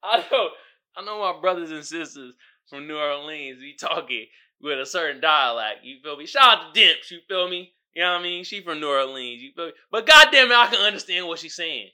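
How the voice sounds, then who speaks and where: Male podcast host, loose rant, high voice with a lot of swing, incredulous and loud at times. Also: fairly quick. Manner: animated, incredulous, bursts into shouting and laughter. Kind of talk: casual commentary rant.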